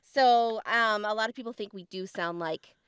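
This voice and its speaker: A woman from California with a Californian accent, co-hosting a podcast in a chatty, playful storytelling way with drawn-out pauses. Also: medium pitch, fairly bright tone, clear, resonant tone, no room sound, clean studio sound. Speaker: podcast co-host. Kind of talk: casual chat.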